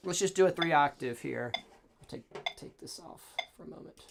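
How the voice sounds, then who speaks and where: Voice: mid-range voice, normal speed, vocal fry, very noisy. A cello teacher giving an online lesson, coaching step by step and counting in each exercise aloud. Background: cello playing.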